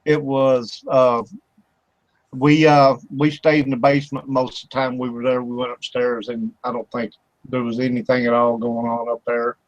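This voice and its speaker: A man hosting an internet radio show and telling a loose, rambling story full of chuckles and stalled fillers. His voice sits at an ordinary middle pitch. He is recorded dry and close, with no room sound around him. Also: little pitch movement, moderate pace, dry recording, highs cut off. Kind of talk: casual chat. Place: home studio for internet radio.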